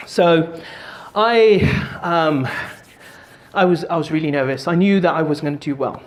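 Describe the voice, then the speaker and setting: A man gives a motivational talk in an animated, joking way. His voice sits a little higher than most men's, and he slips into character voices as he tells the story. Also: unhurried. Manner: animated, jokey, does voices. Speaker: motivational speaker and stand-up comic.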